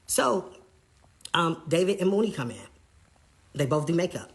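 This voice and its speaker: Brief: tour manager, mid-pitched voice, lively casual retelling, slips into quoting others. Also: normal speed. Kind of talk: casual storytelling.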